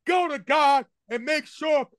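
A man's voice: very high voice, a little slow, fairly bright tone, dry recording, studio quality. A man preaching a sermon as senior pastor, emphatic and repetitive, addressing his congregation directly. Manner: emphatic call-and-response preaching with repeated refrains. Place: church sanctuary.

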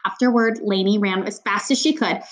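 A woman's voice: medium pitch, fairly even intonation, brisk. A woman reading a novel aloud in a plain voice, stopping now and then for casual asides, with small slips in her reading. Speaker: audiobook reader.

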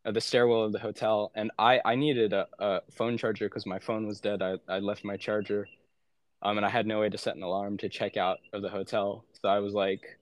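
A man's voice: lowish voice, level tone, a little fast, no room sound, clean studio sound. A young man and former aid worker chatting casually as a podcast guest, rambling with many filler words and frequent swearing. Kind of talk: casual chat.

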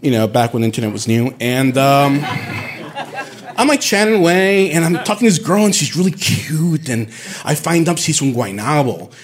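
A man from Puerto Rico telling a personal story in an animated, candid way, swearing casually. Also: a little high, moderate pace.

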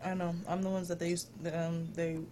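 A woman's voice: lowish voice, flat delivery, fairly quick, warm tone. A young woman, speaking bluntly in a casual podcast chat. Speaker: podcast co-host.

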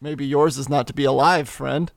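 A man playing a tabletop game, talking bluntly and deadpan to other characters. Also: medium pitch, normal speed, creaky, no echo, studio quality. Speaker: player. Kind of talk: casual tabletop play.

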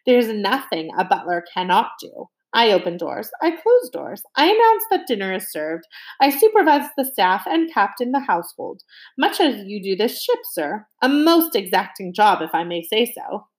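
A woman voicing a calm, dignified male butler who speaks formally and politely in a storybook reading. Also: mid-range voice, moderate pace, close to an everyday voice. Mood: composed.

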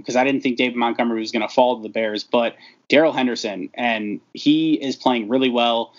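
Man talking football, lo-fi sound. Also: mid-range voice. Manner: relaxed, rambling, many ums. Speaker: sports podcast co-host. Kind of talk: casual sports chat. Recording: dull lo-fi audio.

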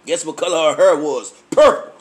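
Loud, high-voiced, cursing man. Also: expressive. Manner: loud, laughing, heavy cursing, drawn-out punchlines. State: tipsy from drinking. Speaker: comedian vlogger. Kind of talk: profane comic storytelling rant.

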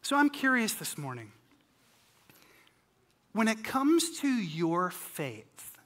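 Preacher giving a sunday sermon, slow deliberate delivery, bright forceful tone, jokes then drops quiet. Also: mid-range voice, sing-song. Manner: dramatic, acts out scripture scenes, swings loud and soft; humorous asides. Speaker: pastor.

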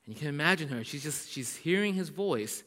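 A male pastor preaches with animated storytelling, keeping his listeners along with repeated "right?" and sudden whispered asides. His voice is bright and sits slightly high for a man. It rings with a long reverb, as in a large hall. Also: fairly quick. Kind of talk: sermon. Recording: echoey hall.

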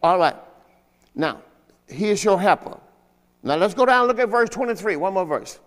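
A man's voice: high-pitched, expressive, normal speed, fairly bright tone, big-room sound. A man preaching a sermon as pastor, emphatic and often checking that the congregation understands. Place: church service.

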